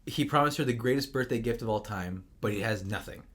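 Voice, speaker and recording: A man's voice: mid-range voice, quick pace. A young man co-hosting a podcast in casual chat, rambling and stammering through restarts as he recaps a movie. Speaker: podcast co-host.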